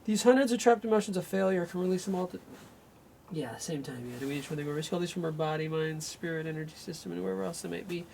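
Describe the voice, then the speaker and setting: A man's voice: a little high, very fast, gravelly, a little mellow, a little hiss or hum. A man working as an energy healer, thinking aloud and breaking off mid-sentence as he runs a live remote healing session. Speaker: radio show host.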